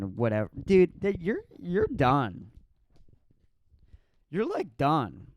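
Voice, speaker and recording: A man in his twenties doing a solo comedic podcast rant, profane and mocking, sometimes jumping into a shrill voice to mimic others. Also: slow pace, long pauses, no echo, clean studio sound. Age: 20s. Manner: profane, animated, mocking falsetto impressions.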